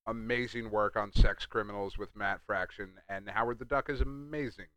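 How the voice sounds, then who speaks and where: A man's voice: on the low side, fairly even intonation, normal speed, a bit bright, dry recording. A man chatting casually as a podcast co-host, eager and upbeat. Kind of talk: casual chat.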